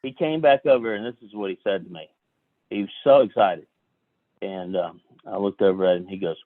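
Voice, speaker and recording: A man telling a folksy story as a podcast guest, talking in an animated way with frequent restarts. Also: sits low, fairly quick, no echo, phone-quality sound. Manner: animated, folksy, self-interrupting. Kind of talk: casual storytelling.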